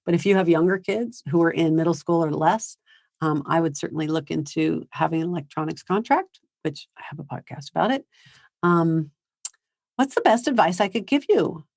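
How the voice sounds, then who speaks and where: A woman presenting a parenting seminar to parents in a conversational way, acting out soft, empathetic phrases as examples. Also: low voice, normal speed, no echo, clean studio sound. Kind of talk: live seminar talk to parents. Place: high school seminar.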